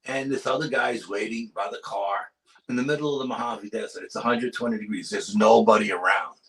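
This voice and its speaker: A man who researches the paranormal tells a story as a guest in casual conversation, speaking with urgent energy and lowering to a hush for suspense. His voice is fairly low and his pace brisk. The recording quality is rough.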